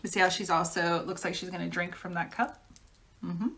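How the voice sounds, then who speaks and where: A woman's voice: lowish voice, fairly even intonation, moderate pace, vocal fry, sharp tone. A woman giving a casual tarot reading, talking frankly in a chatty way and laughing often. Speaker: tarot reader.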